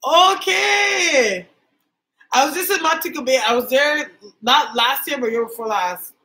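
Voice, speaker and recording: A woman's voice: sits high, a little fast, bright, forceful tone, low-quality recording. A young woman from Canada chatting casually with viewers on a livestream as a psychic medium host, reading their comments aloud.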